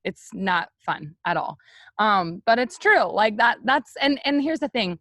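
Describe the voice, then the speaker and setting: A young woman leading a team, giving a loud, energetic, chatty motivational talk straight to her viewers on a live stream. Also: medium pitch, measured pace, no echo. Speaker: network marketing team leader on a live stream.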